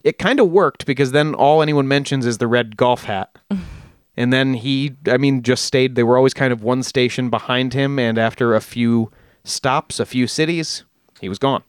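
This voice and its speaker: Speaking at a moderate pace in a smooth, middle-pitched voice, a male podcast host rambles through a casual story. He corrects himself and throws in jokey asides, and the recording is dry and close-miked.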